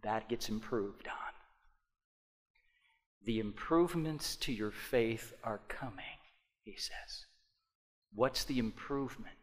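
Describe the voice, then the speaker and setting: A man preaching a sermon as pastor, speaking directly to the congregation and swinging from quiet asides to loud emphatic passages. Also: mid-range voice, takes it slowly, pauses often. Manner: addresses congregation directly with repeated "okay?".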